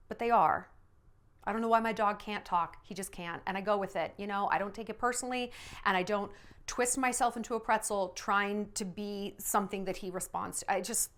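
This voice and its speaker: A woman in her thirties, with a medium-pitched and slightly bright voice, speaks directly to camera. She hands out blunt, sassy dating advice and acts out quoted voices with big swings.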